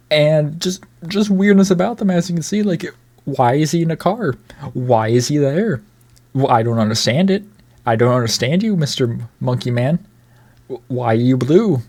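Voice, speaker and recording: A man's voice: medium pitch, moderate pace, darkish tone. A man giving casual commentary on a film, rambling with many restarts, swearing now and then, bemused and chuckling. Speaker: video reviewer.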